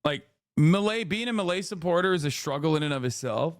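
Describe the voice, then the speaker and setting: A man's voice: fairly high pitch, expressive, brisk, dry recording, studio quality. Sarcastic man riffing on stream. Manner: joking, sarcastic, rambling with many "like"s. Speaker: streamer reacting to a debate clip. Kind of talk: casual live-stream commentary.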